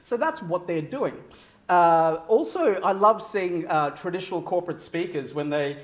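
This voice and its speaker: A man giving a keynote speech to a live audience, animated, shifting his pitch and pace for effect and laughing often. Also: moderate pace, reverberant. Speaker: keynote speaker. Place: large venue with audience.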